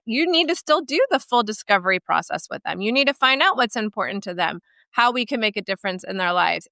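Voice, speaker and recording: A woman co-hosting a podcast, talking in an animated, emphatic way and often checking in with "right?". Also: on the high side, dry recording, clean studio sound. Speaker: podcast co-host and portrait studio owner. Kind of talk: casual podcast discussion.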